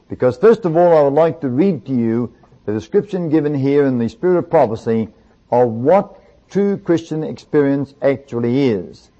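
A man's voice: medium pitch, mellow. A man preaching a sermon, reading passages aloud and pressing his points with rhetorical questions. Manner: earnest, emphatic, asks rhetorical questions. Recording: dull lo-fi recording.

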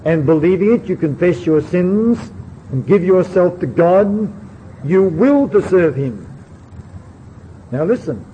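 Earnestly questioning his listeners directly, a man preaches in a mellow voice that sits high. The audio has a dull, lo-fi quality with faint hiss underneath.

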